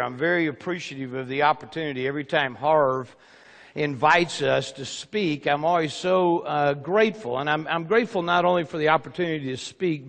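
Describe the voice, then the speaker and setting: Seminar speaker in an echoing hall. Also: male voice, on the high side, a bit bright. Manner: emphatic, grateful, repeats phrases. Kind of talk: stage seminar talk. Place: large hall with a live audience. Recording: long hall reverb, faint crowd.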